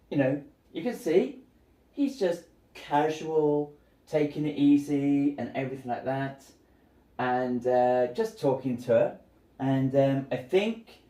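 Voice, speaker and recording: A man's voice: mid-range voice, dark tone. A man in casual commentary, chatting through a movie scene with lots of fillers. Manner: chatty retelling, many fillers. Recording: roomy echo.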